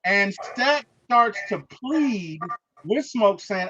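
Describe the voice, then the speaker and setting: A man with a high voice hosts a movie review. He retells the plot with wide, lively swings in pitch, and he keeps checking in with "right?". The recording is slightly muffled, with a faint hiss underneath. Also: drawn-out words. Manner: emphatic, repeats points with "okay?" and "right?".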